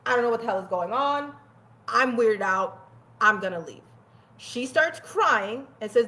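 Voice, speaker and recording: Woman, storytelling, candid, swears freely, laughs often, slightly high voice. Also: lively intonation, measured pace, pushed and bright. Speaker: guest telling her life story. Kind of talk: casual storytelling.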